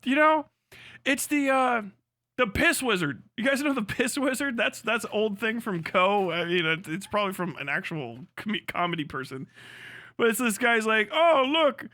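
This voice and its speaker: A high-pitched, bright male streamer rants in a loose, profane way, laughing often and slipping into mocking voices. He is close to the mic in a dry, dead room. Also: no room sound. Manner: animated, profane, quick to laugh, mimics voices. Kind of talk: casual livestream rant.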